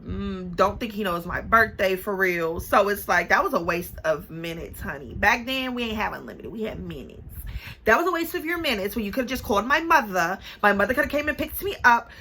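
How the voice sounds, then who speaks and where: A young woman telling a story to her camera in a casual storytime vlog, animated and sassy, calling the listener baby and honey. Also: medium pitch, fairly quick, low-quality recording. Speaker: vlogger.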